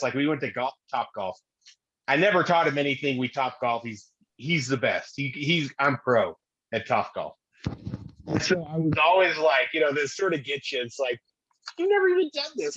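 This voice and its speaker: A man's voice: mid-range voice, fairly bright tone. A middle-aged man and podcast co-host telling a rambling, self-deprecating story about his son in casual chat. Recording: dull lo-fi recording.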